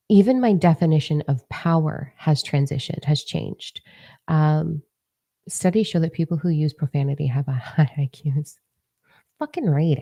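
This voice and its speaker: A woman in her forties, a spiritual teacher talking casually and candidly to her followers, swearing freely and breaking into animated asides. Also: deep voice, dry recording, studio quality. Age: 40s.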